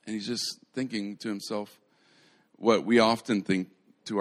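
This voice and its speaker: A middle-aged pastor preaching in a low male voice. He tells a story animatedly and restarts his sentences often as he goes. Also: fairly even intonation, measured pace. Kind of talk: sermon.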